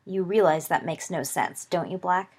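A woman voicing a quiet, moody teenage schoolboy who mumbles in a glum, dry way, reading a story aloud. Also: lowish voice, moderate pace, breathy edge. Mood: wary.

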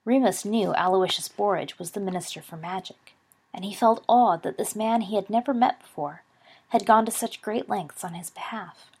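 A woman reads a story aloud in a steady, measured way. Her voice has a gravelly rasp and a husky, breathy texture. It sits at an ordinary pitch. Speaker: reader. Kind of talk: storybook narration.

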